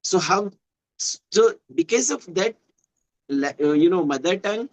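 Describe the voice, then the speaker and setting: A man from western Uttar Pradesh, a native Hindi speaker with an Indian English accent, patiently explains things during casual conversation practice, often repeating words as he hunts for phrasing. His voice sits high with lively intonation and a darkish tone at normal speed, but the audio is poor.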